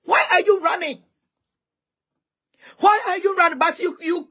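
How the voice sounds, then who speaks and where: A woman's voice: very high voice, lively intonation, a little slow, pushed and bright. A Ghanaian woman ranting on social media, taunting with repeated mocking questions and switching between English and Twi. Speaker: online commentator. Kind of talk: heated social media rant.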